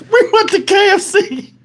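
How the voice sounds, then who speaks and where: A man hosting his channel, telling profane stories to viewers in a casual, animated way and breaking into laughter. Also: very high-pitched. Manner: talks straight to the audience with questions. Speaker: channel host telling stories to a live chat.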